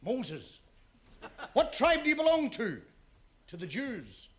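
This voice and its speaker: A man telling jokes on stage in a stand-up act, with a deadpan patter and comic voices. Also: very high-pitched, takes it slowly. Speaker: stand-up comedian. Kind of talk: stand-up joke telling to a live audience. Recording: noisy 1970s TV stage recording with audience. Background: studio audience laughter.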